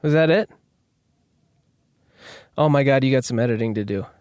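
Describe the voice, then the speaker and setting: Smooth-voiced man rambling in a monologue. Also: mid-range voice, moderate pace, darkish tone, no room sound, studio quality. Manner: rambling, self-deprecating, swears freely. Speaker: host. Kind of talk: casual monologue.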